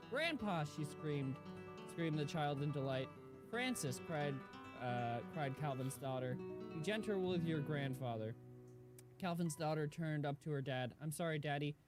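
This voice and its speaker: Man reading a story over music. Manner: gentle storytelling, lowering voice for quoted lines. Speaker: reaction video host. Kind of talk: reading a story aloud, then reacting.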